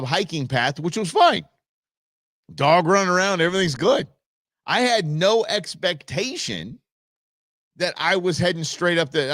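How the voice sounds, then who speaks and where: A man's voice: on the high side, no echo, studio quality. A man in his fifties, a show host, telling a funny personal story in a casual, joking way and acting out the back-and-forth he had with someone. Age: 50s. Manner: animated, joking, acts out quoted exchanges.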